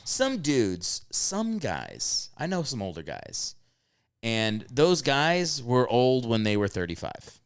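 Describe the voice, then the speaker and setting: A man hosting a podcast in casual comedic chat, rambling and animated, jumping into high voices to act out stories. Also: slow pace, smooth, no room sound. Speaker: podcast host.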